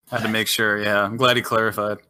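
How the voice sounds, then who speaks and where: A man's voice: on the low side, bright, forceful tone, slight background noise. A man co-hosting a podcast in casual chat, joking, teasing and swearing freely. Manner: joking, profane, quick to tease. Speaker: podcast co-host.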